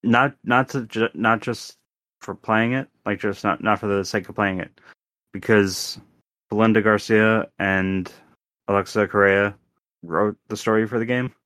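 A man's voice: lowish voice, fairly even intonation, measured pace, a bit bright, no room sound. A man co-hosting a podcast, speaking earnestly and hesitantly, often restarting sentences. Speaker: podcast co-host. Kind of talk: casual chat.

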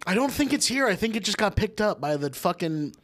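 A fairly high, bright male voice bounces lively between notes as he chats as a podcast co-host. He is excitable and teasing, and he swears freely. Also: a little fast. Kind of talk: casual chat.

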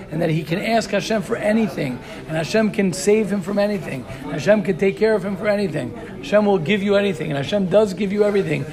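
A man giving a Torah class, reading Hebrew text quickly and then explaining it with excitement, often asking "right?" and "you hear this?". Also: high-pitched. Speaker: Torah teacher.

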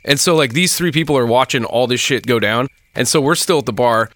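A man in the middle of a rambling bar story, talking loosely and swearing often. He jumps in and out of quoted voices, pushing his pitch well up to play the other people. His pitch sits in an ordinary middle range. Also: brisk, no room sound. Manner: profane, animated, acts out quoted voices. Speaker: bar worker telling a story. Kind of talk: casual storytelling chat.

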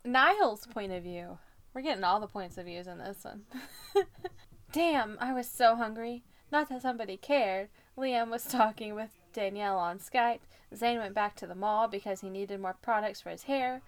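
A woman co-hosting a podcast, reading fan fiction aloud with commentary and jumping up in pitch for the quoted lines. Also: moderate pace. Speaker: podcast co-host.

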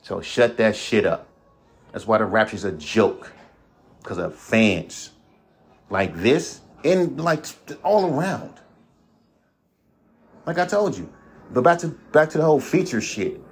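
A man's voice: medium pitch, lively intonation, slow, pauses often. A man hosting a podcast alone, ranting bluntly with heavy profanity and repeating himself. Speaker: podcast host. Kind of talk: solo ranting monologue.

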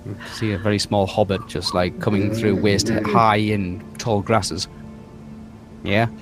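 A man's voice: fairly low pitch, little pitch movement, a little slow, over music. A man running a tabletop game as game master, rambling through descriptions with fillers and restarts.

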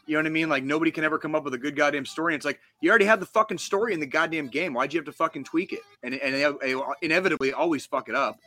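A man's voice: on the high side, rapid-fire, hardly any pauses, bright, forceful tone. A man co-hosting a podcast in casual chat, ranting heatedly with heavy swearing and frequent restarts. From United States. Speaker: podcast co-host.

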